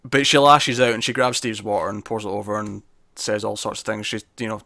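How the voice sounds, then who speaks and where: Man, podcast co-host, bright tense voice, dry close mic, rambling casual chat full of fillers. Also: lowish voice, steady tone, brisk, creaky, no room sound. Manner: rambling, with many fillers and restarts. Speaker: podcast co-host reviewing a TV episode.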